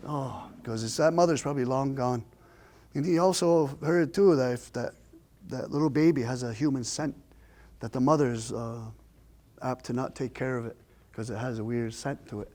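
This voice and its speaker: A man storyteller recounting a family memory in a relaxed oral storytelling style, voicing the people in it with lively pitch jumps. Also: moderate pace. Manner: lively, acts out quoted voices with pitch jumps.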